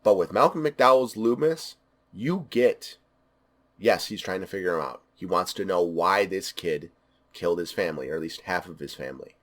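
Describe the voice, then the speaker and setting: Lower-pitched man giving an eager film review. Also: expressive, normal speed, fairly bright tone. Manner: enthusiastic, emphatic repetition. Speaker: movie reviewer. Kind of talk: casual spoken film review.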